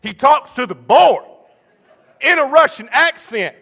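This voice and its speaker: A male pastor preaching a sermon, telling a story animatedly and swinging from hushed asides to shouting. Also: very high-pitched, lively intonation, unhurried. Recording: long church hall reverb.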